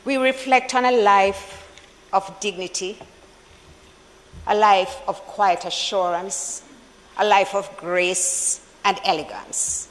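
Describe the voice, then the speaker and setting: A senator with a Jamaican accent giving a formal tribute speech for the opposition in parliament, measured and solemn, with deliberate pauses. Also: medium pitch, steady tone, fairly bright tone, big-room sound, poor audio. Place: senate chamber.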